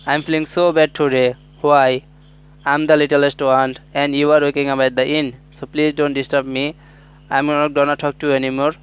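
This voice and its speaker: A man's voice: a little high, level tone, moderate pace, smooth, highs cut off, lightly acted. A man voicing a sulky little finger. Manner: sulky, complaining. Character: smallest finger, sulky and offended.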